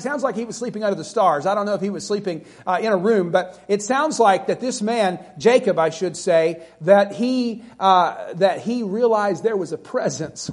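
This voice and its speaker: Man preaching, high voice, husky tone, earnest, pleading, scripture reading. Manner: earnest, pleading, reads scripture in King James wording. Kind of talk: sermon.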